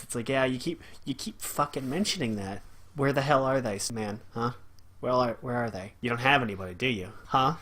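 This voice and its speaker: A man's voice: medium pitch, a little fast, sharp tone. A young man co-hosting a podcast, animatedly retelling matches, swearing and imitating wrestlers. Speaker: podcast co-host. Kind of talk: casual chat.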